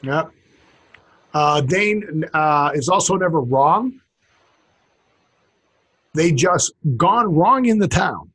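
Husky man reading out funny sayings. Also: fairly high pitch, lively intonation, takes it slowly, pauses often, fairly bright tone. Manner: reads out funny sayings, chuckling, jumps into silly put-on voices. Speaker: podcast co-host. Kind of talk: casual comedic chat.

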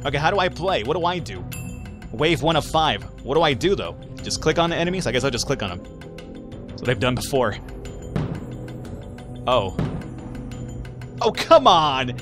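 A man giving casual, excitable gameplay commentary, swearing often and sounding bemused by what he sees. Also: medium pitch, moderate pace, long pauses. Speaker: let's play gamer. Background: game music.

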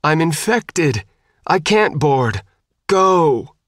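A man's voice: a little high, very animated, very slow, fairly bright tone, no echo, clean studio sound, voice pushed up, heavily acted. A man voicing a young female ship staffer who is pleading through sobs. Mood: sobbing. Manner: pleading, sobbing. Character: young woman ship staffer, dutiful, desperate.

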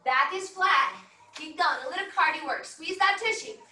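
Heard through a distant laptop mic on a video call, a woman leads an online workout in a very high-pitched voice at normal speed, with noise in the background. She exercises while cheering and coaching, whooping upbeat encouragement, and is a touch out of breath. The recording sounds roomy.

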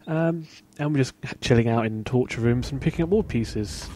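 A man talks through a horror game at a middling pitch. He is casual and a bit jumpy, muttering asides to himself as he plays. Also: normal speed, dark tone, a little hiss or hum. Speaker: let's play host. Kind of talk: casual gameplay commentary.

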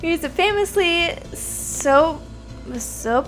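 A woman's voice: extremely high pitch, expressive, a little slow, fairly bright tone, soft background music. A young woman hosting a game playthrough, reading aloud and commenting in a chatty, self-deprecating way, often tripping over words. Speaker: let's play host.

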